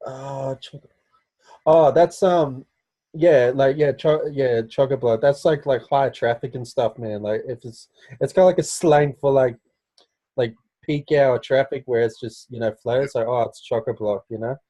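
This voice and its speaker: A young Australian man speaks with an Australian accent as a guest on a video call, chatting casually and rambling with plenty of "like" and "man." His medium-pitched voice is unhurried and dark in tone, and the audio sounds dull.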